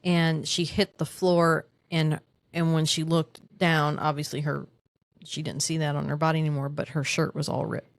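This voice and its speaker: A woman with a low voice retells a story in casual podcast chat, halting and restarting as she goes. Her voice is recorded dry and close, with no room sound around it. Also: level tone, gravelly, dry recording. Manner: halting, restarts often, recounting a witness story. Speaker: podcast co-host.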